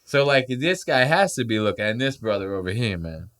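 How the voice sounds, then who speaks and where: A man's voice: mid-range voice, fairly quick. A man hosting a casual podcast, joking, swearing freely and acting out quoted voices. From Puerto Rico heritage. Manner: profane, animated, jokey, acts out quoted voices. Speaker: podcast host.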